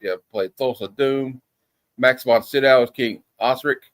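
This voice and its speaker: A man of middle pitch hosts a casual film review. He rambles and restarts often, piling up fillers as he goes. The sound is close and dry, with no room around it. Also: a little slow, dry recording. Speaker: movie review host. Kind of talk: casual movie review chat. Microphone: streaming setup.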